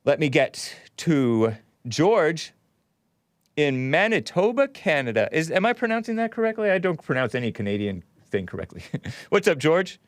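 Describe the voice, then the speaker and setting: A man hosting a casual call-in talk show, rambling along and correcting himself mid-sentence with frequent laughs. His voice sits a bit high and sounds smooth and resonant. The sound is dry and close. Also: big pitch swings, moderate pace, no room sound. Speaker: host.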